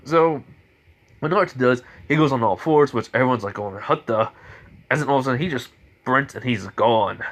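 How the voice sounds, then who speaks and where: A man's voice: medium pitch, a little fast, fairly bright tone. A man improvising a spoken fan story in a rambling, casual way, full of restarts and chuckles.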